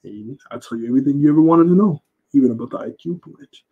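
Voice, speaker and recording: A man's voice: fairly high pitch, animated, fast, slightly rough, phone-quality sound. A man voicing a smug, scheming male pirate villain who taunts his captive. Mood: taunting.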